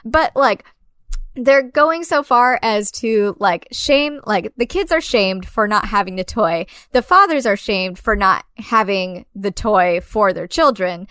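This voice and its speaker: A woman's voice: mid-range voice, lively intonation, unhurried, pushed and bright, clear, resonant tone, no echo, studio quality. A woman co-hosting a podcast, chatting casually about a movie, full of "like" fillers and sarcastic asides. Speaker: podcast co-host. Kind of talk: casual movie recap and discussion.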